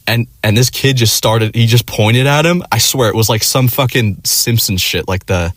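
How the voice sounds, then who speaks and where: A man's voice: mid-range voice, normal speed, a bit bright, no echo. A man telling a rambling personal story in casual, profane language, laughing along as he goes. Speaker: vlogger.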